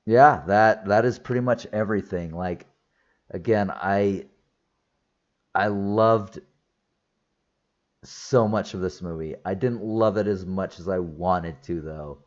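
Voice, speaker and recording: Deep-voiced guy rambling through a movie recap, slow and kinda teary, muffled lo-fi audio. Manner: rambling, emotional, with fillers and restarts. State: teary-eyed. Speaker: movie reviewer. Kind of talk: casual spoiler review.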